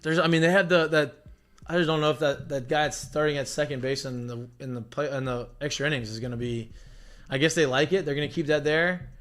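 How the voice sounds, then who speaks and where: A man with a fairly high voice, talking in a relaxed podcast chat. He tells stories animatedly, leans heavily on "like" and swears freely as he vents about baseball. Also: brisk. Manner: animated storytelling with heavy profanity and filler "like". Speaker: podcast guest, former baseball player. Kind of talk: casual chat.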